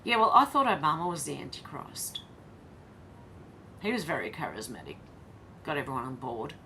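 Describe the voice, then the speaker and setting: A woman's voice: low voice, big pitch swings, normal speed, bright, forceful tone, a little hiss or hum. An Australian woman hosting a casual livestream, talking in a tired, wry way and reading out chat comments. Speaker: livestream host.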